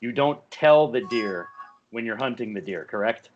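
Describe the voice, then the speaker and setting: A man's voice: mid-range voice, expressive, moderate pace. A man at a tabletop game explaining a plan with an amused, teasing tone, in dull lo-fi audio. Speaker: player. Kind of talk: casual tabletop game chat.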